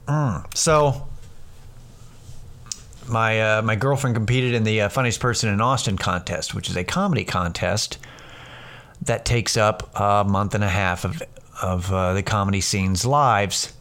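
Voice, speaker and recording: On his solo podcast, a middle-aged stand-up with a lowish yet fairly bright voice spins meandering, foul-mouthed tales in a casual way. He restarts his stories again and again.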